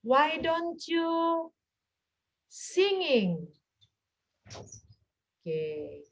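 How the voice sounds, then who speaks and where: Woman, English teacher, high voice, patient drills, dull video-call audio. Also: sing-song. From Indonesia. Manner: slow, deliberate, repeats example phrases, drills. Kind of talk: online classroom lesson.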